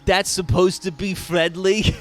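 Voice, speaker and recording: A man's voice: high-pitched, lively intonation, very slow, soft background music, pitched above the performer's own voice, full character voice. A man doing a timid, jittery creature. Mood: nervous. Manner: nervous, faltering. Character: timid young male creature, easily scared.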